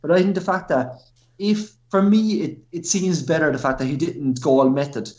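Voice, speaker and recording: A man's voice: on the high side, normal speed, darkish tone, highs cut off. A man co-hosting a podcast, talking enthusiastically about a film in rambling, filler-heavy chat with casual swearing. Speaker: podcast co-host. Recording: roomy echo.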